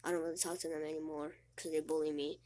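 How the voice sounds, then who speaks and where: A teenage girl talking casually and sadly to the camera, close to tears, halting and repeating her words as she rambles. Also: low-pitched, little pitch movement, a little mellow, no room sound. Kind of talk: casual vlog monologue.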